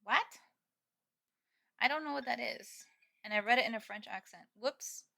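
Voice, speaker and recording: A woman's voice: on the high side, fairly quick, gravelly, pushed and bright. Giggly, chatty young woman streamer. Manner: giggly, chatty, reads chat aloud. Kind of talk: casual live-stream chat.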